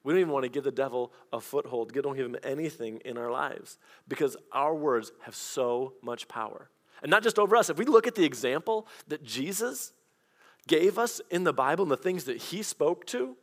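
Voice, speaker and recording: A man preaching a sermon as pastor, telling personal stories in a lively conversational way. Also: fairly high pitch, moderate pace. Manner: storytelling, animated and conversational.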